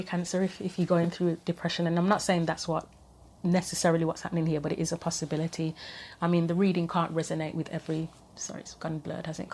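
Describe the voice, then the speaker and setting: A woman giving a casual tarot reading to camera, thinking aloud with frequent pauses, earnest and gently sympathetic. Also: low-pitched. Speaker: tarot reader.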